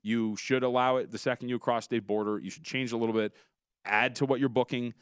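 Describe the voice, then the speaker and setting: A man's voice: mid-range voice, steady tone, a little fast, clean tone, no echo, clean studio sound. A man co-hosting a casual sports betting show, talking emphatically with frequent restarts.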